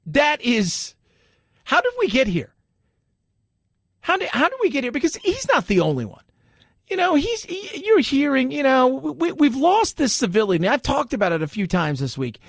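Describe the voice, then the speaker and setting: A man's voice: very high voice, moderate pace, no echo, studio quality. A man hosting a talk radio show, commenting animatedly and mockingly on the news. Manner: animated, mocking, jumps into exaggerated quoted voices.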